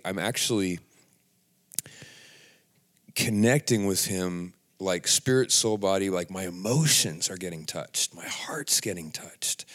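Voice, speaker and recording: Earnest man with a low voice. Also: a bit bright. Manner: earnest, halting, many restarts. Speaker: Christian speaker. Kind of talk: casual devotional talk.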